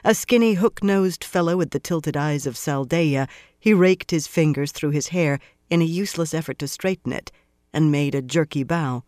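A narrator reading a fantasy novel aloud in a measured, even storytelling delivery. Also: mid-range voice, dry recording, clean studio sound. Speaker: audiobook narrator. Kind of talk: scripted fantasy audiobook narration.

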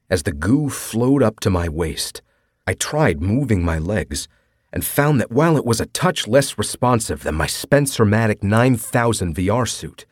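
A man narrates a first-person audiobook in a wry, casually profane manner. His low, husky voice swings widely in pitch. The recording is dry and close, with no room sound. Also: dry recording.

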